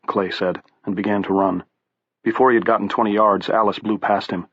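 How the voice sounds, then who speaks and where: In a dry, close recording with muffled highs and no room sound, a man with a lowish, slightly bright and husky voice reads a horror audiobook. His scripted narration moves at a measured storytelling pace with fairly even intonation.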